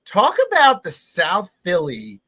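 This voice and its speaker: A man's voice: sits high, wildly swooping pitch, takes it slowly, bright, forceful tone. A man co-hosting a casual podcast chat, asking curious, eager questions. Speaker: co-host.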